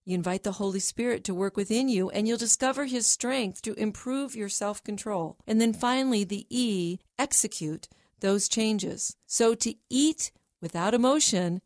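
A middle-aged woman talking as a Christian psychologist, explaining step-by-step advice in a measured, emphatic teaching manner. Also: mid-range voice, darkish tone. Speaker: Christian psychologist and show host. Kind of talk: faith-based advice talk.

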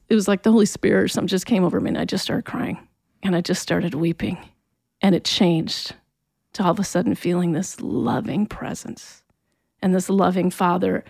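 A woman giving an earnest, emotional personal faith testimony as an interview guest, often halting and restarting. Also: mid-range voice, gravelly, a little mellow, no room sound.

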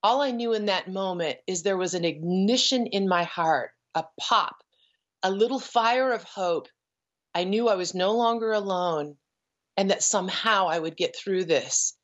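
A middle-aged woman giving an earnest, emotional personal testimony as a guest, pausing and restarting as she tells her story. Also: fairly low pitch. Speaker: guest, ranch founder. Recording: dull lo-fi audio.

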